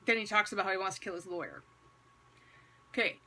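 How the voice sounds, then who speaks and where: A woman's voice: medium pitch, lively intonation, quick pace, pushed and bright. A woman talking to camera in casual vlog commentary with a religious message, wry and conversational, posing rhetorical questions and slipping in sarcastic asides. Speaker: vlogger.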